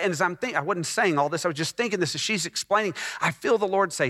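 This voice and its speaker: A man preaching a personal testimony as a sermon, telling his story with hushed moments that build to loud, emphatic passages. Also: sits high, a little fast. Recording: long hall reverb.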